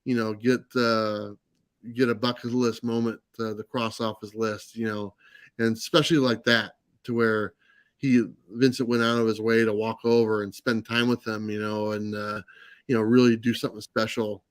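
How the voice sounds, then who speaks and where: A man's voice: on the low side, level tone, normal speed, clean tone, no room sound. A man telling a long anecdote in a casual livestream chat, full of fillers and restarts. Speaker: comics channel host. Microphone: live stream mic.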